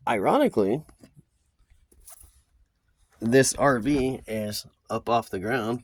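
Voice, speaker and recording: A man's voice: lowish voice, dry recording. A man talking casually to camera in a loose, chatty vlog, outdoors by an RV in the desert, full of fillers and asides. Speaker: vlogger.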